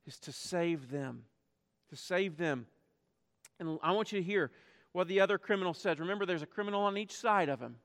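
High-voiced preacher man in a reverberant hall. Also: smooth. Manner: impassioned, acts out quoted voices, drops to quiet emphasis. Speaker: pastor. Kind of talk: sermon.

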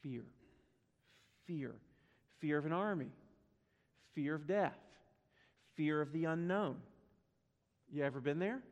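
A high-pitched male pastor preaches a sermon, hammering words through repetition and calling out questions to the congregation. His voice rings with the long reverb of a large church sanctuary. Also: slow pace, pauses often, muffled recording. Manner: emphatic, repeats words for stress, asks the congregation questions.

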